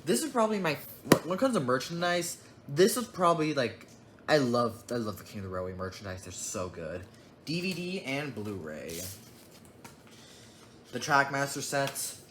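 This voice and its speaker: A man's voice: mid-range voice, sing-song, moderate pace. A young man casually showing off his disc collection, rambling in an offhand way and muttering asides. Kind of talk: casual unboxing vlog. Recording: echoey room with clear background noise.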